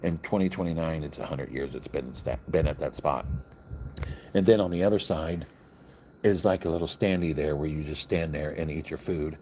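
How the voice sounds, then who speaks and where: Rumbling low and mellow, a vlogger's voice moves at a moderate pace with slight background noise. On a livestream from a hotel where crickets chirp outside, he rambles through a long story, chatting and acting out what others said.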